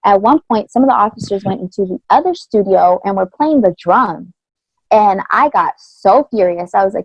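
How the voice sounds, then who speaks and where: Gravelly-voiced woman telling her story. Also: mid-range voice, lively intonation, normal speed, darkish tone, no room sound. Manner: candid, earnest retelling with blunt slang. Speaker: podcast co-host. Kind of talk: personal storytelling in casual chat. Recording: dry, slightly dull lo-fi sound.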